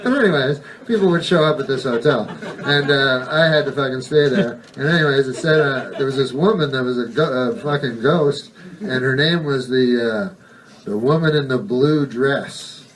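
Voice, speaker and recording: A man doing a stand-up comedy monologue on a club stage, delivered in a deadpan, rambling and profane style with halting asides. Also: medium pitch. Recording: distant mic, noisy live recording.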